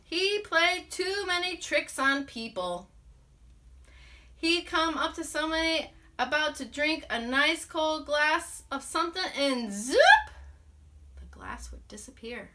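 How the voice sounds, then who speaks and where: A woman music teacher telling a children's story aloud, animated and expressive, with playful sound effects. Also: high voice, measured pace. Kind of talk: storytelling to children with ukulele song.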